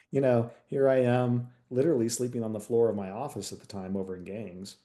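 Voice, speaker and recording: Man, middle-aged, mellow warm voice, casual storytelling, candid, acts out quotes. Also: mid-range voice, level tone, brisk. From United States. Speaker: retired detective sergeant, guest.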